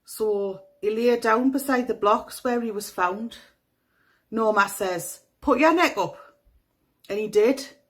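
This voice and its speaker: A woman's voice: fairly high pitch, slow. A woman with a Northeast English accent reading aloud a young girl's statement to the police, in a matter-of-fact voice. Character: young girl giving a flat police statement.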